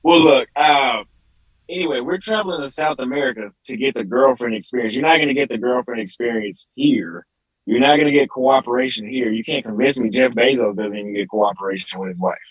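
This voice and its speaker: A man's voice: mid-range voice, lively intonation, brisk, slightly rough, dry recording, poor audio. A man as a podcast guest in a heated debate, insistent, stumbling over restarts.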